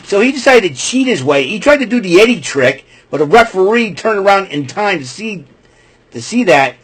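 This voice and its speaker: A man gives a casual, rambling wrestling recap, repeating himself, getting fired up about the villains, and clearing his throat often. His voice is high with big pitch swings, at a moderate pace, and the audio is poor.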